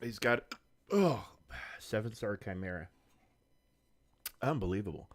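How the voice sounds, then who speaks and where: Man, low voice, casual gaming stream chat, rambling, swears offhand. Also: moderate pace, fairly bright tone. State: hiccups.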